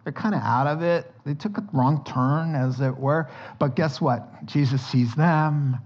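A man delivers a sermon in a fairly high voice, acting out sounds and voices as he tells stories. The recording is dull and lo-fi, with the top end rolled off. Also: a little slow. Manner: lively storytelling, acts out sounds and dialogue. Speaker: pastor.

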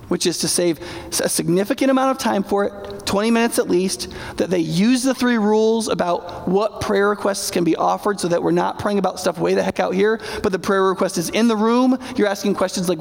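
High, gravelly-voiced male preacher. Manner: animated, emphatic preaching with acted-out asides. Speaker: pastor. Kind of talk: sermon. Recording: reverberant hall.

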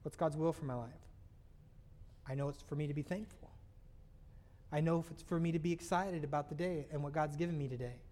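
A man's voice: fairly high pitch, steady tone, fairly quick, pauses often, a little mellow. A man preaching a sermon, speaking earnestly and slipping into acted-out voices of everyday complaints. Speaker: pastor.

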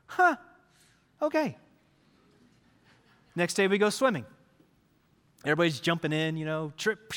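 A man's voice: high-pitched, very animated, moderate pace, long pauses, fairly bright tone. A man in his thirties preaching a sermon, telling a family story animatedly before building to emphatic preaching. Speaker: pastor. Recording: long reverb of a large hall.

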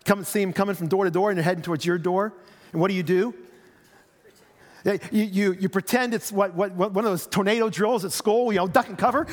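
A man's voice: high-pitched, steady tone, fairly quick, slight background noise. A middle-aged man, a pastor, preaching a sermon in a conversational way, often repeating his words. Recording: long hall reverb.

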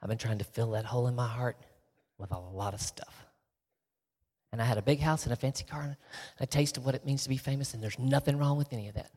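Texan man guest speaker, husky, storytelling that drops into whispers, long hall echo. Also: medium pitch, fast. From Texas. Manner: shifts from lively storytelling to soft emotional whispers. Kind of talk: inspirational storytelling talk.

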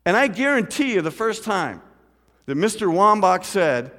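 A middle-aged pastor with a high-pitched, a bit bright voice and lively intonation preaches slowly in a church sanctuary. He tells a story and asks the congregation questions, his words echoing with long church-hall reverb.

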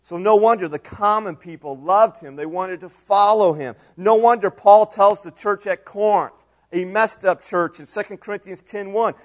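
Man, pastor, sermon, fairly high voice, earnest, repeats phrases for emphasis. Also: normal speed. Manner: swings between loud emphasis and quiet asides.

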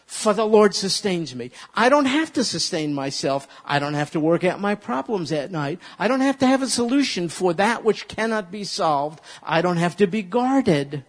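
A man preaching a sermon as a pastor, animated and leading his listeners in repeating a verse aloud. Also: high-pitched, moderate pace, hardly any pauses. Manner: animated, leads congregation in call-and-response recitation. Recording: long reverb of a large hall.

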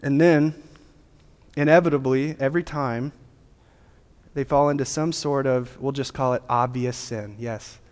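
A man's voice: medium pitch, steady tone, measured pace, darkish tone, clear, resonant tone. A man preaching a sermon as a pastor, with a casual, joking, conversational delivery. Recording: long hall reverb.

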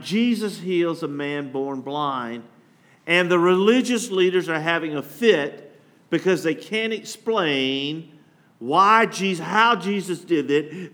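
A man's voice: high-pitched, fairly bright tone. A man pastor preaching a sermon, reading scripture and asking the congregation to call out words.

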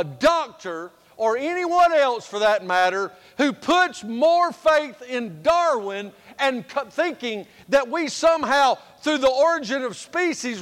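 Man, pastor, folksy humorous sermon, loud then hushed delivery, high voice, long church reverb. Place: church sanctuary.

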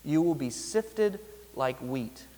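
A man preaching a sermon as pastor, earnest, slowing down to stress key phrases. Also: on the high side, animated, mellow, in a large hall.

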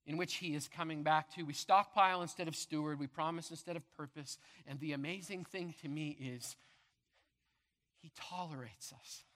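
A man preaching a sermon as pastor with impassioned delivery, rising to loud proclamations and dropping to hushed tones. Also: a little high. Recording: long reverb of a large hall.

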